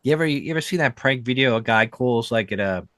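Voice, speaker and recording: A man's voice: medium pitch, fast, dry recording. Guy co-hosting a podcast, rambles a lot, likes, you knows, dry sound. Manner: rambling, lots of fillers, animated storytelling. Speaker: podcast co-host. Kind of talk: casual chat.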